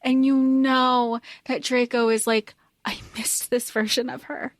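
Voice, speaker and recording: A woman's voice: high voice, little pitch movement, measured pace, no room sound, clean studio sound. A woman co-hosting a casual fan podcast, speaking earnestly and emotionally and laughing easily. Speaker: podcast co-host.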